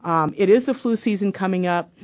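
Animated woman radio host in her fifties. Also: medium pitch, brisk. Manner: animated, acts out the quotes she tells. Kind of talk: casual storytelling monologue. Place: radio studio.

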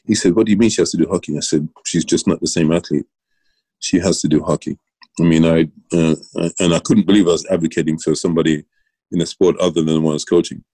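Talking quickly with fairly even intonation, a middle-aged British guest, a former Olympian turned coach, tells rambling, laugh-filled stories of coaching, often restarting and looping back. His voice is very low, mellow and dark, captured in a close, dry recording with poor audio.

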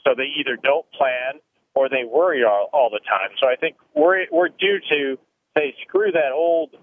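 A man's voice: medium pitch, big pitch swings, moderate pace. A man speaking as a guest in a phone interview, explaining retirement planning thoughtfully and often restarting his sentences. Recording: tinny phone line.

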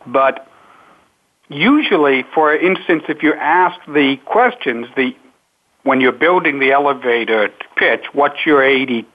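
A man who coaches public speaking, answering interview questions in a measured, unhurried way with frequent pauses. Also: medium pitch. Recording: narrow phone-line sound.

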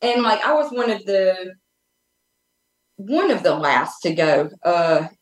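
A woman with a lowish, slightly slow voice and wide pitch swings tells a personal story as a podcast guest on a remote call. She's casual, earnest and open, rambling with lots of restarts and fillers, and the room sounds echoey.

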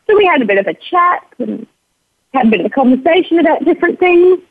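An Australian woman in her fifties tells her story as an interview guest and quotes other people in a brighter, lifted voice. Her voice sits fairly high. She comes through a thin, phone-like line with no room sound at all. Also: expressive, fast, dry recording. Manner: warm anecdotal storytelling, quoting others with lifted voice. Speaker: guest, charity founder. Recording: dry tinny phone line.

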